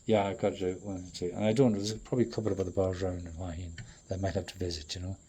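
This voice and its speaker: A man in a profane, rambling monologue that swings between loud outbursts and low muttering. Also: flat delivery, rapid-fire, breathy edge. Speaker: traveling performer.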